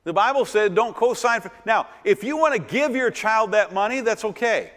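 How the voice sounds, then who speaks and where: A middle-aged man teaches a church finance seminar with a fairly high-pitched voice. He drives his points home by repeating words and asking the audience rhetorical questions. His voice carries a long reverb from a church hall. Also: lively intonation, moderate pace, a bit bright. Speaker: pastor and seminar speaker.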